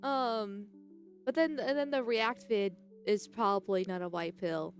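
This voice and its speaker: A woman's voice: mid-range voice, a little slow. A young woman chatting on a live stream, rambling with frequent restarts and laughs, and reading chat messages aloud. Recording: faint background music.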